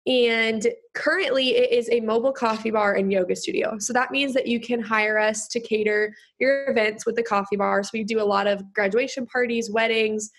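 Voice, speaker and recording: A woman's voice: fairly high pitch, steady tone, normal speed, hardly any pauses. A young woman in her late teens, a guest on a podcast, chatting in a bubbly way with many fillers. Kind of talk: casual interview chat.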